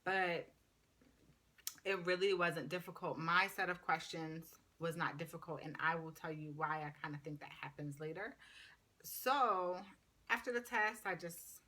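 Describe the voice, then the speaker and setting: A woman's voice: fairly low pitch, unhurried. A woman in her thirties, a paramedic student, telling a story in a casual, chatty vlog. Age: 30s. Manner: chatty, animated retelling full of "like".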